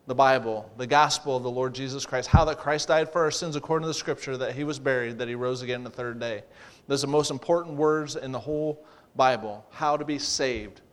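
A man preaching a sermon, emphatic, repeating phrases and pushing his voice louder to drive points home. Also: fairly high pitch.

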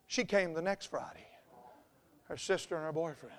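Exuberant storytelling fills this sermon from a middle-aged Appalachian pastor raised in the North Carolina mountains, speaking with a Southern US accent. His voice runs on the high side and is expressive, moving at a moderate pace with long pauses.

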